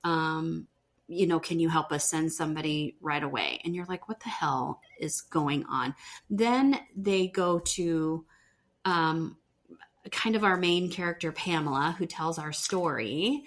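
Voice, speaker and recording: A woman's voice: sits low, unhurried. A woman co-hosting a podcast, recapping a TV show in casual chat, with lots of "um" and "you know". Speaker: podcast co-host.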